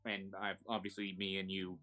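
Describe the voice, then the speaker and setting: A man's voice: sits low, monotone, moderate pace, pushed and bright, faint music behind. A man playing a tabletop game, talking casually and stammering through many false starts. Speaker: player.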